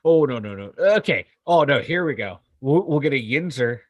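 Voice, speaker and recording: A man's voice: medium pitch, normal speed, dry recording. A man, co-hosting a casual podcast chat, sarcastic and self-deprecating. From western Pennsylvania. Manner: animated, sarcastic, self-deprecating, laughs often. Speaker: podcast co-host.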